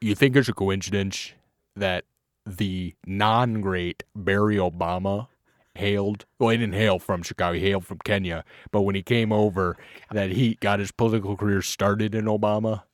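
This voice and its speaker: Here is a man doing an impression of a blustery ex-politician calling in tipsy to a comedy show. He rants through a rambling conspiracy theory in a lowish, dry voice. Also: fairly even intonation, moderate pace, dry recording, lightly acted. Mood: ranting. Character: tipsy male caller, a gruff former politician.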